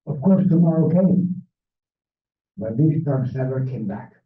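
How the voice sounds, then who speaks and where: An older man with a Hungarian accent, a Holocaust survivor giving a measured personal testimony talk with non-native grammar, his first language Hungarian. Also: medium pitch, expressive, narrow, tinny audio. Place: library event room. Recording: echoey, distant, phone-thin sound.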